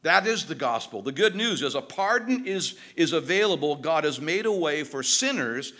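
Male pastor delivering a sermon, high and lively, bright tone, emphatic. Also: moderate pace. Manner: emphatic, animated preaching with dramatic drops in pitch.

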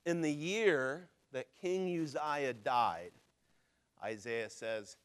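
Man, high voice, pastor preaching, loud-to-hushed swings, acts out voices in stories. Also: lively intonation, takes it slowly. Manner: acts out quoted voices in his telling. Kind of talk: sermon.

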